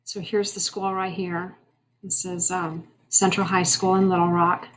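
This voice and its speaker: A woman's voice: on the low side, flat delivery, measured pace, slight background noise. A woman teaching a history lesson in a conversational way, asking her class questions and making wry asides. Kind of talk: classroom lecture.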